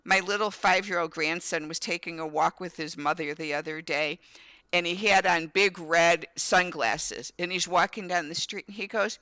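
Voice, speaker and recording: A woman in her fifties telling lively family anecdotes as a guest, often acting out a child's words. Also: lowish voice, normal speed, no room sound. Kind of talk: storytelling in casual conversation.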